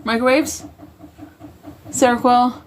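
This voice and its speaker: Speaking slowly in a slightly high, level voice, a woman hosts an easygoing livestream from indoors at home as her roommate stays in the next room. She reads comments from viewers aloud, rambles, and keeps pausing mid-sentence to correct herself; there's slight background noise.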